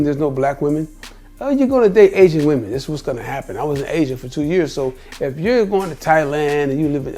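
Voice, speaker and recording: A travel vlogger in his fifties tells stories in a casual monologue, emphatic and repetitive, acting out the dialogue as he goes. His voice is a little high with a warm tone.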